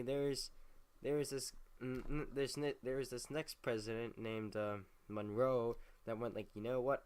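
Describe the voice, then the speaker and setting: A man's voice: mid-range voice, clean tone. A young man casually retelling history in a rambling, profane way, full of filler words. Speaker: history recap host.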